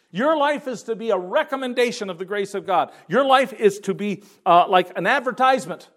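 Older male preacher, animated delivery. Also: high-pitched, brisk, few pauses. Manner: animated, shifting between loud emphasis and quiet asides. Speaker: pastor. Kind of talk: sermon.

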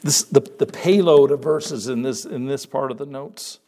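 An older man preaching a sermon, quoting scripture and repeating words for emphasis with expressive swings in delivery. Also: mid-range voice, normal speed.

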